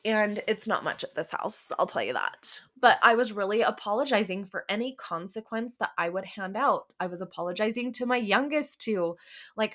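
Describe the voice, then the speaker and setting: A woman's voice: medium pitch, animated, normal speed, a bit bright. Woman, forties, solo podcast host; candid, conversational, filler-heavy delivery. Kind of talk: casual solo podcast talk.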